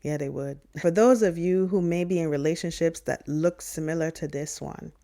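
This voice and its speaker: Woman, low voice, measured cautionary advice-video read. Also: warm tone. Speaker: social media commentator.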